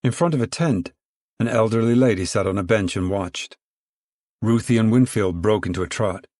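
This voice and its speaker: Low-voiced man reading a novel aloud. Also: normal speed, dry recording, clean studio sound. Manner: steady storytelling, acts out dialogue. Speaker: audiobook narrator. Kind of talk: scripted narration.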